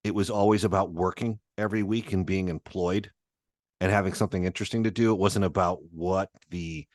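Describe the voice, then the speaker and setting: Deep-voiced male interview host. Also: fairly even intonation, a little fast, darkish tone, no room sound. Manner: rambling anecdotes, laughs often, swears. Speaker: podcast host. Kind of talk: casual interview chat.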